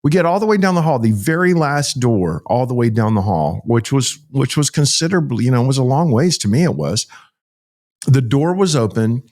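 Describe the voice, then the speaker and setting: A man's voice: mid-range voice, animated, moderate pace, darkish tone. A middle-aged man, a pastor talking as a podcast guest, tells a story vividly, acting out the dialogue and repeating phrases for emphasis. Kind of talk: emotional storytelling in conversation.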